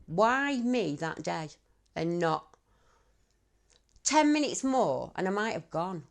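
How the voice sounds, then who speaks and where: A woman in her fifties giving emotional, halting testimony as an eyewitness, her voice choking up and tearful. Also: fairly low pitch, big pitch swings, creaky. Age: 50s. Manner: halting, emotional, repeats herself. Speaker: eyewitness interviewee, researcher.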